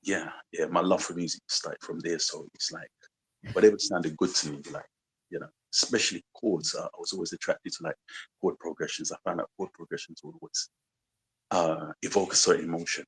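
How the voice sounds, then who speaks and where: Low gravelly london guy w a bit of american twang, rambly radio interview chat. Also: fairly even intonation, fairly quick, a bit bright, low-quality recording. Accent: London with a slight American twang. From London, England. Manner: reflective, rambling, full of "you know" and "like". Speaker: musician guest.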